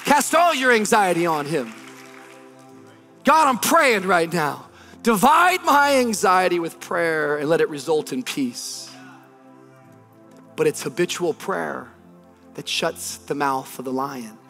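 A man's voice: on the high side, animated, slow pace, bright, forceful tone, soft background music. A man in his thirties, a pastor delivering a sermon, telling a story with animation and building to emphatic preaching.

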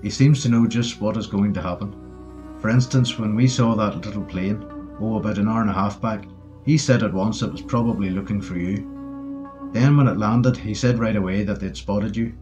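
A man's voice: on the low side, fairly even intonation, normal speed, over music, natural voice. A man voicing an eager, admiring young British soldier while reading a war story.

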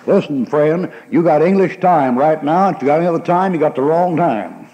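Folksy preacher man, fairly high voice. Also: animated, a little fast, hardly any pauses, dark tone, dull audio. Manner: folksy and emphatic, acts out quoted people with laughs. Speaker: pastor. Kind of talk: sermon.

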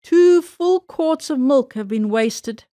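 A stingy, bargain-hunting housewife, voiced by a woman reading a storybook, who sounds fussy and scolding. Her voice sits higher than the reader's plain telling and is recorded dry, with no room sound. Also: lively intonation, takes it slowly, warm tone, no room sound. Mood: vexed. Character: stingy, bargain-loving old-fashioned housewife.

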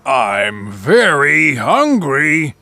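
Reader doing a hungry storybook giant, gravelly, bright, slow roaring. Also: medium pitch, big pitch swings, no room sound, heavily acted. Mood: hungry, demanding. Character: hungry male giant, big and greedy.

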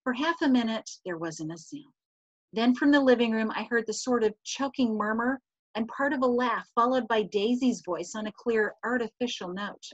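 Over a video call, a woman teacher with a fairly high voice reads a novel passage aloud at a moderate pace, steady overall but stumbling now and then with small slips and restarts to correct herself. The recording is dry and somewhat dull, like lo-fi call audio.

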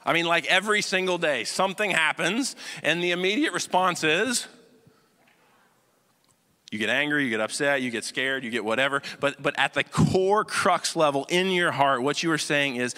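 A man preaching a sermon as pastor, talking conversationally and checking in with listeners. He swings between loud, animated stretches and hushed, quiet ones. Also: fairly high pitch, moderate pace, big-room sound. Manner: acts out quoted voices, swings from loud to hushed. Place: church sanctuary.

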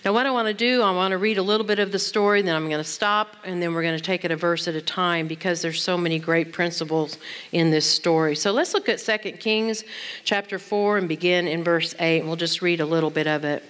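A woman in her sixties with a fairly low voice gives a Bible teaching talk at a women's conference. She is conversational and often turns to her listeners as she speaks. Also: fairly quick, a bit bright.

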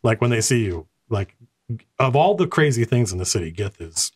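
Sex: man. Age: middle-aged. Role: game master. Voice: mid-pitched, casual, rambling. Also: big pitch swings, normal speed, breathy edge. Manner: casual, rambling, with many restarts. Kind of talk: narrating a tabletop game.

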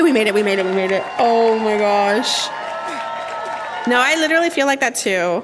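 A woman hosting a live gaming stream, bubbly, greeting and thanking her chat nonstop with excited gasps. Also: high voice, a little fast, a crowd in the background, noisy background. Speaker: live-stream gamer host.

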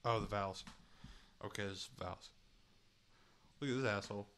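A man's voice: fairly low pitch, fairly even intonation, moderate pace, a bit bright. A man streaming a chat game, commenting casually, laughing often and swearing freely, and sounding short on sleep.

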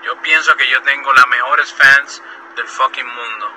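A man's voice: mid-range voice, fairly even intonation, moderate pace, very noisy. A tired young man chatting to fans on a phone livestream while driving, effusive and repeating himself, mixing English and Spanish. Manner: switches between English and Spanish mid-sentence. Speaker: livestreaming artist. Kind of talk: casual livestream talk to fans.

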